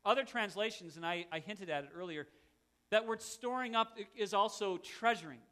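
A man's voice: sits high, moderate pace, a bit bright. A middle-aged man, a pastor, preaching a sermon in an earnest, conversational way with self-deprecating asides.

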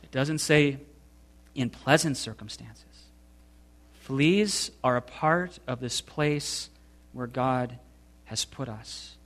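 Man reading gentle, serene Betsy. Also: medium pitch, slow pace, pauses often. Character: Betsy, gentle devout woman, serene prisoner.

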